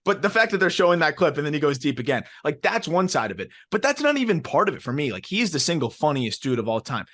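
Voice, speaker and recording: A man from South Florida co-hosting a baseball podcast, talking fast and emphatically with lots of fillers. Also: fairly high pitch. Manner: excited, emphatic fan talk with many fillers. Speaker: podcast co-host. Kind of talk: casual sports podcast chat.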